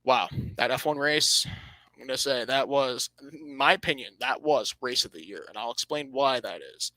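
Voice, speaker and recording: A man hosting a motorsport podcast, breaking down standings and races in an animated, emphatic way, often correcting himself mid-sentence. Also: mid-range voice, normal speed, no room sound, rough recording. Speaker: podcast host.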